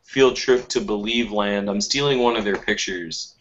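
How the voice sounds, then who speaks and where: Low-voiced man hosting a podcast. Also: normal speed. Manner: relaxed, loosely steering the show. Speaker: podcast co-host. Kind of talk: casual sports podcast chat. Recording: dull lo-fi podcast audio.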